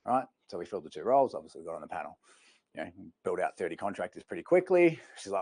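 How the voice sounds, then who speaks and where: A man's voice: low voice, very fast, creaky, husky, no room sound. A man running a recruitment sales workshop, telling stories energetically to the room. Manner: energetic storyteller, addresses the room. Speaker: sales trainer. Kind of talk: training workshop talk.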